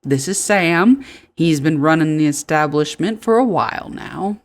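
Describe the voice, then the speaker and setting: A woman voicing a friendly male town mayor in a farming game, speaking formally and warmly. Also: low voice, expressive, unhurried. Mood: welcoming.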